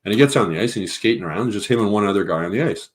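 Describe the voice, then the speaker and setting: Low-voiced Canadian man telling stories. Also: very fast. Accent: Canadian English. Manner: animated anecdote teller, acts out quotes. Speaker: hockey columnist guest. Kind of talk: casual storytelling chat.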